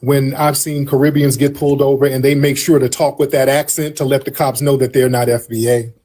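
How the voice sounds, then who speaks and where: A man's voice: mid-range voice, flat delivery, fairly quick, dark tone. A man hosting a heated debate, insistent and repeatedly calling the other man "sir". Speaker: podcast host. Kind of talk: heated live-stream debate.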